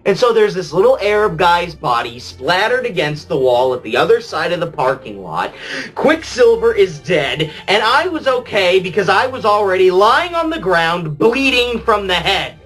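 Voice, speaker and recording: Jaded retired superhero, crude, rambling, lively pitch, faint music behind, a man acting it out. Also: normal speed, rough recording. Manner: rambling, crude, laughing, heavy "you know" fillers. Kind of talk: comic confessional monologue.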